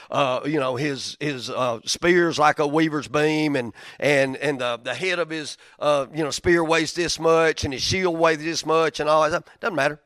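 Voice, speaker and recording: A man preaching a sermon in a conversational, storytelling way, swinging from loud outbursts to near-whispers. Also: no echo, clean studio sound. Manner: conversational, storytelling with big swings in loudness and pitch. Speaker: pastor.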